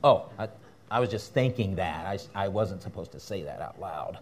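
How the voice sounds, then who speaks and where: A man preaching a sermon as pastor in a church, fiery and animated, breaking into laughter and asides. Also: low-pitched, normal speed.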